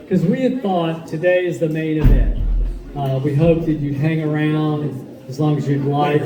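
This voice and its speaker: A man speaks to a gathering as its organizer, halting and loose. His voice comes from some distance in a reverberant room. A crowd murmurs behind him. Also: mid-range voice. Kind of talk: addressing a gathering. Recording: echoey room, distant mic, crowd noise.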